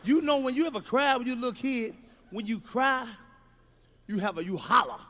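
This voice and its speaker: High, bright-voiced man doing profane stand-up. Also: brisk. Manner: loud, profane, storytelling with acted-out voices. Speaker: stand-up comedian. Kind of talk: stand-up routine. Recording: archival stand-up clip.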